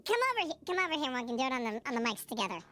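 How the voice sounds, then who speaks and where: A pesky young tomcat needles his uncle in a singsong tease, a woman doing it through a voice changer. The pitch is shrill and bounces all over, and music plays clearly behind. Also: very animated, racing, sharp tone, heavily acted. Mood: teasing. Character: teasing young male cat pestering his uncle.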